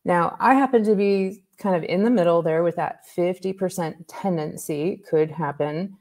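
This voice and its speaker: Low-voiced woman doctor explaining animatedly. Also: moderate pace. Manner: lively, explains with examples and asides. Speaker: naturopathic doctor, guest. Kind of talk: conversational expert explanation.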